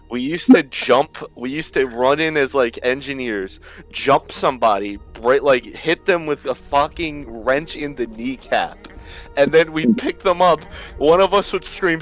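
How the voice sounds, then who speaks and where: A man's voice: mid-range voice, unhurried. Laid-back man with faint music behind. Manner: loose, laughing, profane storytelling. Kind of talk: casual gaming chat.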